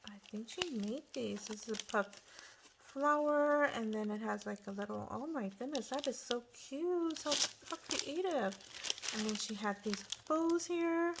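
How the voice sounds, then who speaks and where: A woman's voice: a little high, lively intonation, unhurried, vocal fry, background noise. A woman hosting a crafting channel, chatting casually and gushing over each item she unwraps. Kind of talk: casual unboxing chat. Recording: loud crinkling paper handling. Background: paper crinkling and tearing.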